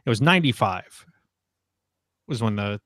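A man's voice: on the low side, animated, moderate pace, a bit bright, dry recording, studio quality. A man in his thirties chatting casually on a podcast, rambling with lots of fillers. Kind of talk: casual chat.

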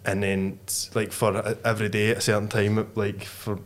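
Podcast host, deeper voice, slangy rambling talk. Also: male voice, flat delivery, moderate pace. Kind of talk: casual chat.

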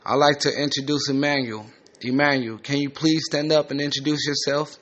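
A man voicing a patient rehab counselor who speaks politely and in a measured way, on a slightly muffled lo-fi recording. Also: a little high, little pitch movement, a bit bright, close to an everyday voice.

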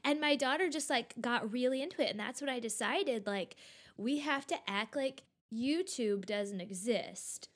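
A woman's voice: a little high, moderate pace. A woman in her thirties, a mother chatting casually and acting out her child's lines as she tells stories. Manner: animated storyteller, acts out her child's voice. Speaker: parent on a podcast. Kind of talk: casual chat.

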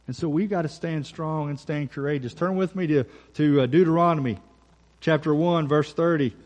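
A man preaching a sermon as pastor, emphatic, repeating key phrases and slowing down for scripture. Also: a little high, a little mellow.

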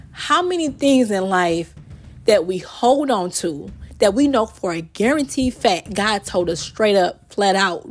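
A woman's voice: mid-range voice, lively intonation, measured pace. A woman hosts a casual Bible study podcast from her bedroom. She talks in a chatty, earnest, emphatic way, reading verses aloud and then explaining them in plain words. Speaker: podcast host.

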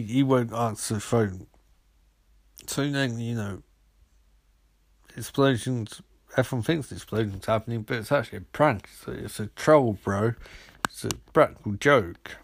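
Man, podcast host, drowsy, irreverent, gravelly, dry. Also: on the low side, no echo. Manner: rambling, irreverent, sweary. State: drowsy, just woken. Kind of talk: casual solo podcast monologue. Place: in bed.

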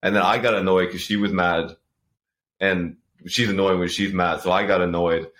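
A man's voice: low voice, fairly even intonation, normal speed, a bit bright. A man hosting a podcast, telling a story in a loose, chatty way with laughs. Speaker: podcast host. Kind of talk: casual conversation.

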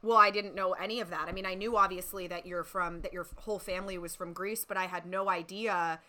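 A woman's voice: lowish voice, fairly even intonation, brisk, bright, forceful tone. A woman hosting a casual interview who reacts eagerly and asks rambling follow-up questions. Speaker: host.

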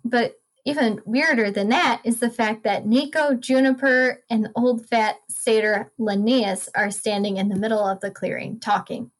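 A woman's voice: a little high, normal speed, few pauses, rough recording. A woman casually retelling a book's plot in long run-on sentences and laughing often. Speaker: podcast co-host. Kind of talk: casual book recap chat.

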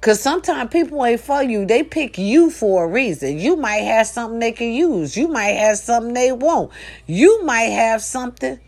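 A woman's voice: fairly high pitch, animated, moderate pace, darkish tone. A woman with her early morning voice, hosting a casual morning talk for her followers and preaching bluntly with profanity and call-and-response phrases. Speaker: morning show host.

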